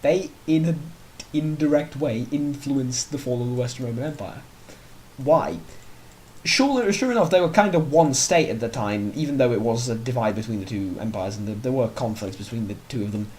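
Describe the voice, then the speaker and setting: A man's voice: medium pitch, animated, moderate pace, a little mellow. A man hosting a let's play, giving casual, rambling commentary on his strategy game and often correcting himself mid-sentence. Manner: rambling, chatty, self-correcting.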